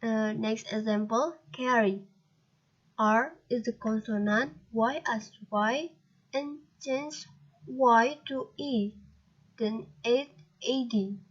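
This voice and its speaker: A young woman student with an Indonesian accent, reading a grammar lesson aloud in a halting way and spelling out letters. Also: on the high side, dull audio. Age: young adult. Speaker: student presenter.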